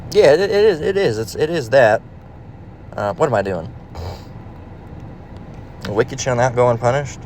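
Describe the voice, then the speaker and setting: A man's voice: mid-range voice, expressive, moderate pace, long pauses, a little mellow, a little hiss or hum. A man preaching in a casual, emphatic, profane manner, reading scripture and rambling with restarts, recorded in a car. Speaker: religious teacher.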